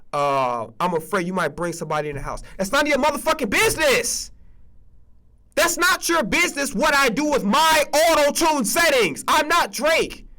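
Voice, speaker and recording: A man hosting a sports streaming podcast, ranting in a casual, profane, animated way and repeating himself as he vents. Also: very high voice.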